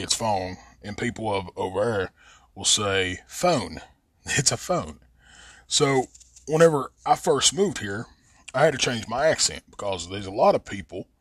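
Cussing Appalachian man, low, dry. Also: a bit bright, no echo. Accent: Southern Appalachian. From West Virginia. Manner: rambling, cusses freely, drawls and stretches vowels. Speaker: podcast host. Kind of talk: casual profane monologue.

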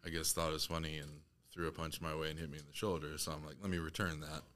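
A man's voice: rumbling low, completely flat delivery, very fast, fairly bright tone, a little hiss or hum. A man guesting on a podcast, telling stories in a wry, self-mocking way. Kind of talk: casual storytelling.

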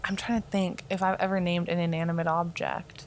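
A woman's voice: on the low side, level tone, brisk, a little hiss or hum. A young woman co-hosting a podcast in loose, casual chat, giggling often and swearing offhandedly. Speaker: podcast co-host.

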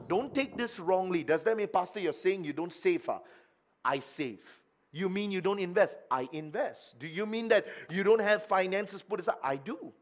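A male pastor preaching a midweek sermon, asking the congregation questions and stressing his points. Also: high-pitched.

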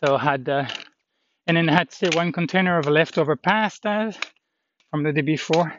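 A man walking outdoors on a hilly trail, talking in a rambling, halting way with lots of fillers as he vlogs his pilgrimage. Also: a little high, fairly bright tone. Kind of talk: casual walking vlog. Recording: dull lo-fi with faint noise.

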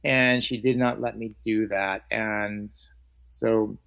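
A man who teaches martial arts, telling stories of his training in an animated way and acting out the lines of others. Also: lowish voice, slow, gravelly. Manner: animated, acts out quoted lines. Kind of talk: storytelling in a conversation. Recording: dull lo-fi audio.

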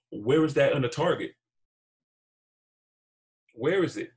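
A man's voice: medium pitch, lively intonation, measured pace, pauses often. A young man on a podcast, speaking earnestly and stumbling over repeated words. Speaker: podcast co-host. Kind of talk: heated podcast conversation.

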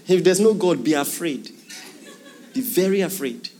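Pastor preaching, high voice that swoops up and down a lot. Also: male voice, unhurried, slight background noise. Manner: animated preaching, rhetorical questions to the congregation. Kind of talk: sermon.

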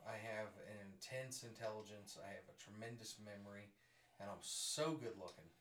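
A man's voice: lowish voice, normal speed, crowd noise. A man hosting a podcast, telling casual stories with a jokey, self-mocking manner and frequent laughter. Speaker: podcast host. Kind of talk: casual storytelling. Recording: roomy sound from a distant mic with faint noise.

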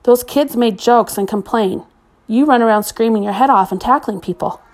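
A woman's voice: on the high side, normal speed, darkish tone, natural voice. A woman voicing a shy, curious teenage boy who talks timidly and hesitantly.

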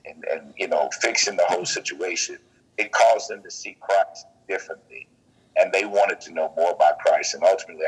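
A man's voice: deep voice, slightly rough, poor audio. A man in casual faith talk, earnest and preachy, often repeating his words as he goes.

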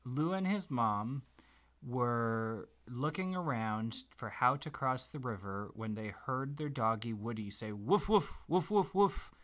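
Man, parent, improvised bedtime story, gentle, slow pace, mid pitch. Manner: gentle, unhurried, makes the tale up as he goes.

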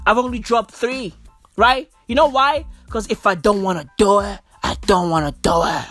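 A woman's voice: medium pitch, normal speed, fairly bright tone, no echo, faint music behind. A woman hosting a podcast, ranting casually in a brash, profane, emphatic way full of slang. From South Africa. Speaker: podcast host. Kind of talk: casual rant.

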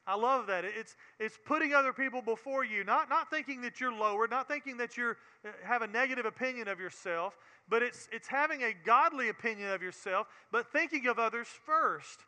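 Very high-voiced, bright Southern preacher man. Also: a little fast, few pauses, long reverb tail. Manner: earnest, repeats words, builds to emphatic preaching. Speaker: Bible teacher. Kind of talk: Bible teaching sermon.

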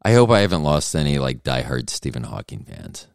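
Man, very deep voice, swings up and down a lot, solo podcast host, joking and self-deprecating, dry close sound. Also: very animated, a little fast, gravelly, clear, resonant tone, dry recording. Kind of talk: rambling solo podcast monologue.

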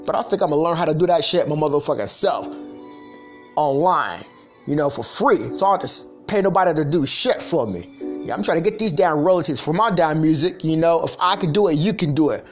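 A man hosting his own podcast, telling a profane, animated story in casual talk. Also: a little fast, soft background music. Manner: profane, animated storytelling, mimics others in a higher voice. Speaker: podcast host. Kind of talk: casual ranting monologue.

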